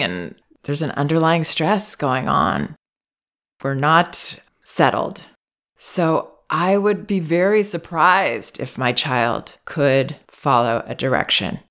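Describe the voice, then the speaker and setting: This parenting advisor speaks in a notably low register, steady and unhurried as she gives guidance. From time to time she softly acts out the words a parent or child might use.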